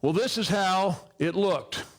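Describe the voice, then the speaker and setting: High-voiced man telling a safety story. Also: slow, a little hiss or hum. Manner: animated storyteller who acts out dialogue. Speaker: fall protection equipment speaker. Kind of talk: personal story told to an audience.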